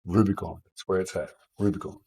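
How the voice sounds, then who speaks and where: Male streamer, deep and husky from a sore throat, self-deprecating casual chat with viewers. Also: flat delivery, fairly quick, warm tone, low-quality recording. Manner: self-deprecating, chats with viewers while drawing. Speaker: game developer streaming his work.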